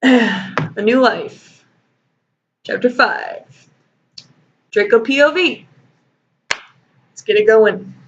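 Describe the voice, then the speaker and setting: Female host, slow sarcastic fanfic critic, swears, laughs, muffled lo-fi mic. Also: fairly high pitch. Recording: dull lo-fi home recording with faint noise.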